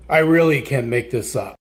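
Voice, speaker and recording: A man in a played clip giving dry, mocking commentary. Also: mid-range voice. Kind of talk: sarcastic commentary.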